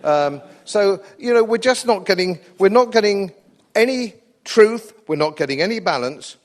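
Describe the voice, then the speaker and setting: A man's voice: high voice, expressive, moderate pace. Combative, sardonic English man giving a speech. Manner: combative, sardonic, repeats phrases for emphasis. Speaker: speaker at a public event. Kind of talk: live political speech.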